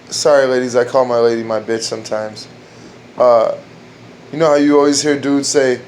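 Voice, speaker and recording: A man riffs through crude jokes in a dark room at home, rambling and restarting his lines as he goes. His voice sits at an ordinary middle pitch. A faint air-conditioning hum runs behind him. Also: fairly even intonation, moderate pace, pauses often. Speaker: amateur comedian trying out jokes. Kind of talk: casual joke-telling at home.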